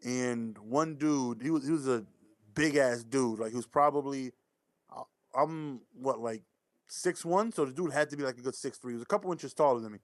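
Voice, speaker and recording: A man's voice: mid-range voice, normal speed, no echo. A man in casual chat who rambles and interrupts himself while telling a story.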